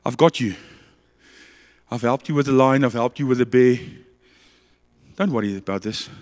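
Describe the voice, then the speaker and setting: A man with a South African accent voicing God as a soft, fatherly, reassuring presence. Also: normal speed, in a large hall, close to an everyday voice. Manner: soft, low and comforting.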